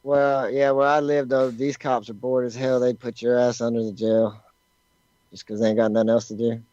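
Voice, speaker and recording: A man's voice: mid-range voice, flat delivery, moderate pace, dark tone, dry recording, muffled recording. A man from Georgia in casual podcast chat, laid-back and wry. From Georgia, USA.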